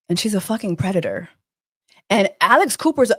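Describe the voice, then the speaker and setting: Emphatic woman commentator, lively voice. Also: medium pitch, a little fast, dry recording, studio quality. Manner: emphatic, repetitive, profane. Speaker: host. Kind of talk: casual commentary.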